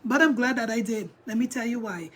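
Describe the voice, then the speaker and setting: A middle-aged woman vlogger telling a story to her viewers, animated and emphatic, speaking straight to them. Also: fairly high pitch, brisk, husky.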